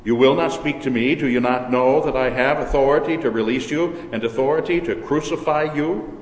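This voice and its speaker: Here is a man giving voice to an uneasy Roman governor who questions a prisoner, his lines carried by a long, reverberant hall. He presses with pointed questions at a middling pitch. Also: fairly quick, natural voice.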